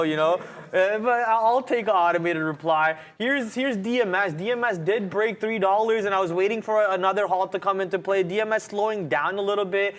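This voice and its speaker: A man's voice: high-pitched, a bit bright. A man co-hosting a live day-trading show, giving slangy, upbeat play-by-play on his positions. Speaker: day trader co-host.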